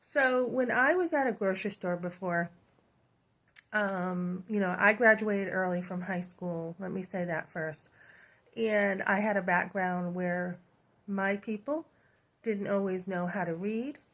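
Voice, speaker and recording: A chatty channel host from New Hampshire, USA, tells stories casually in an unhurried, mid-range voice that's a bit bright. She rambles, filling her talk with frequent "um" and "you know".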